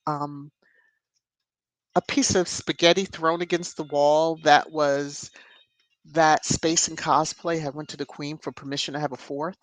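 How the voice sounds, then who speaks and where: A woman hosts a relaxed livestream, reading viewers' comments and adding sassy, chatty remarks. She punctuates her talk with knowing hums and easy laughter. The sound is dry and close, with no room echo. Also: sits low, measured pace. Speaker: livestream host.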